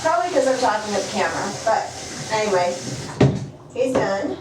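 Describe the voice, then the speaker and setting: In a very noisy recording, a woman bathes her cats at the tub and chats casually to her camera, soothing them in a sing-song, medium-pitched voice at a moderate pace. The mic sits at a distance in an echoey bathroom, with water running.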